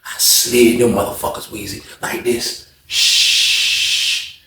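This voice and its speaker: A man doing a sly, hushed inmate. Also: medium pitch, brisk, gravelly, echoey room, background noise. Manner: hushed, secretive, half-whispered. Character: sly, sneaky male fellow inmate.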